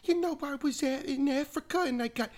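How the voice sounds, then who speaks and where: A man imitating an excitable older male substitute teacher who rambles and scolds in a high, strained voice. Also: brisk. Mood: rambling. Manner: high, loud, strained, repeating "you know".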